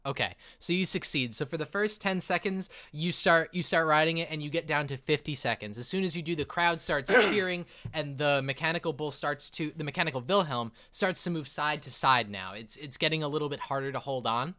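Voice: medium pitch, a little fast, hardly any pauses, sharp tone. Game master narrating with loose restarts. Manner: rambling, laughing, many restarts and fillers.

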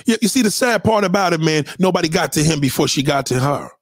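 A man's voice: on the high side, lively intonation, quick pace, dry recording, clean studio sound. A man hosting a casual livestream, reading viewer comments and ranting bluntly with lots of profanity. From New York. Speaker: livestream host.

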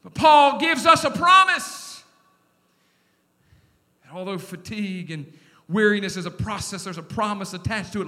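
Man, middle-aged, pastor, sermon, very high voice, long church-hall reverb. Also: normal speed, pauses often. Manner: animated preaching with call-and-response.

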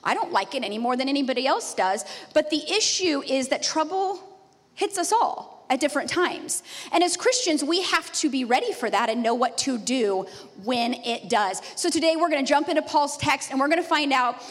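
A woman in her thirties preaching a sermon as a pastor, a lively storyteller who laughs often. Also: high voice, normal speed. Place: church sanctuary. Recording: long reverb of a church hall.

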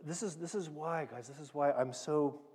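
A man's voice: a little high, normal speed, darkish tone, husky, long reverb tail. A man preaching a conversational sermon, earnest and direct, often restarting and repeating his words. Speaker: pastor teaching a Bible passage.

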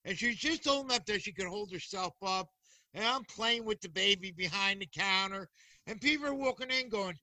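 A man with a high, very bright voice tells teasing stories, acting out other people's lines. His voice sounds close and dry, with no room around it. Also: animated, moderate pace, no echo. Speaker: guest, occult teacher and shop owner. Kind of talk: animated storytelling.

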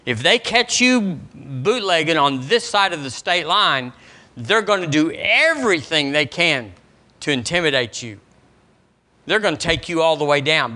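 A male pastor preaches with a bright, ringing tone. His pitch sits a little high and swoops widely as he drives his points home. He keeps turning to the congregation with questions. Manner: animated preaching, quizzes the congregation. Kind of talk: sermon. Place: church service.

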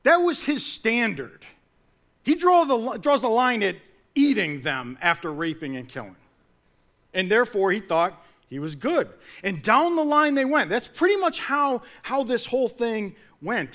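A man preaching a sermon in an earnest manner, building to loud emphatic peaks and then dropping low. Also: very animated, moderate pace.

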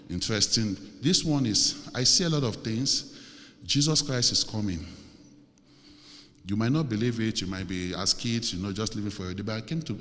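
A man's voice: on the low side, a bit bright. A man preaching a sermon as a visiting preacher, then leading a prayer in an earnest, pleading way and repeating his phrases. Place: church. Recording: long hall reverb.

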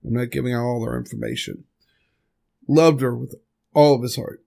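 Gravelly man, choked up. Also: mid-range voice, steady tone, mellow. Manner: halting, rambling, with restarts. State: choked up, fighting tears. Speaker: podcast host. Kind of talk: emotional spoken tribute.

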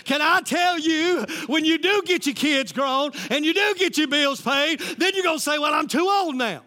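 A man preaching a sermon as lead pastor, calling out to the congregation and shouting rising lines. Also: extremely high pitch, normal speed.

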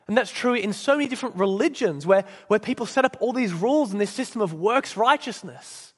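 A man's voice: high voice, a little fast, big-room sound. A man preaching a sermon, earnest and storytelling, with occasional restarts. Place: church.

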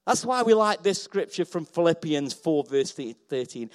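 A man preaching a sermon to his church, passionate and repeating phrases, swinging between loud and soft. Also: fairly high pitch, sing-song, measured pace. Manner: passionate, rising and falling in volume, repeats phrases. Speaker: pastor. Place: church hall.

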